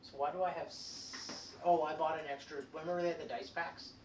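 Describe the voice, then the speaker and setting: A man with a mid-pitched voice chats keenly about the game across the table. He sounds far from the mic in an echoey room, with hiss underneath. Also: fairly even intonation, fairly quick. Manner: chatty, enthusiastic about the game. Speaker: tabletop wargame player. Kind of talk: casual chat. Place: room around a gaming table. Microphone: camera mic at a distance.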